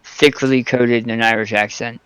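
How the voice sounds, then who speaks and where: A man narrating as game master in a tabletop game, halting and filling pauses with ums. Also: mid-range voice, fairly even intonation, a bit bright, clear, resonant tone. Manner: hesitant, lots of ums and restarts.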